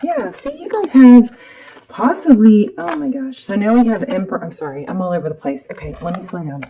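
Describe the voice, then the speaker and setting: A woman's voice: medium pitch, very animated, brisk, gravelly, a crowd in the background, low-quality recording. A woman giving a casual, rambling tarot reading to camera, chatty and easily sidetracked, with many fillers. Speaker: tarot reader. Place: home room with her dog.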